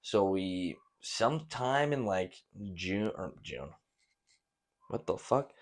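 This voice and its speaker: A man's voice: deep voice, lively intonation, takes it slowly. Laid-back, profane young man rambling. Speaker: podcast host. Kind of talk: casual rambling monologue.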